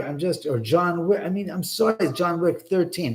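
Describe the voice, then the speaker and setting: A man's voice: a little high, moderate pace, gravelly, few pauses, darkish tone. A man hosting a casual livestream from his home, rambling and sarcastic, swearing freely and answering viewer comments as they come in. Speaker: livestream host.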